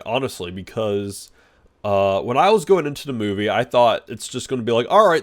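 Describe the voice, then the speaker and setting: Male reviewer, mid-pitched, gushing and rambling through a casual review. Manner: excitable and rambling, with frequent restarts and fillers. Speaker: YouTube movie reviewer.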